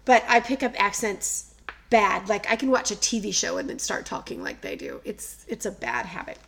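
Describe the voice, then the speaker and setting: A woman's voice: medium pitch, big pitch swings, moderate pace, vocal fry, fairly bright tone, slight background noise. A middle-aged woman co-hosting a podcast, telling a story in a chatty, casual way. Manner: chatty, storytelling, laughs often. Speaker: podcast co-host. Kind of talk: casual chat.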